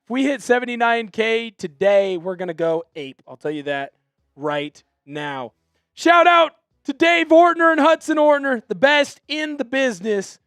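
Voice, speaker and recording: A man hosting a fan live stream, calling plays in an excitable, chatty way and apologizing when he gets carried away. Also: high-pitched, clear, resonant tone, dry recording, studio quality.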